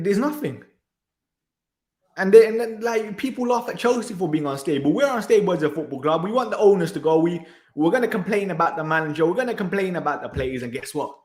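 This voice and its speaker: A man hosting a football reaction channel, ranting in exasperation with sighs and repeated phrases. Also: fairly high pitch. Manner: exasperated, repetitive, sighing. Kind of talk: frustrated match reaction rant. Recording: echoey room.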